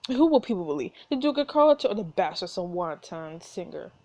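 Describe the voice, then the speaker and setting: A woman's voice: on the low side, big pitch swings, brisk, a little mellow. A woman reading aloud the lines of a smug, menacing aristocratic duke in a story game, with a leering, taunting delivery.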